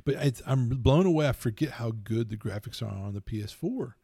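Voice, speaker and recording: Middle-aged guy rambling thru a gaming story, gravelly voice, dry close mic. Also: mid-range voice, fairly quick, dry recording. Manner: rambling, animated storytelling with laughs. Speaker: podcast co-host. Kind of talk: casual chat.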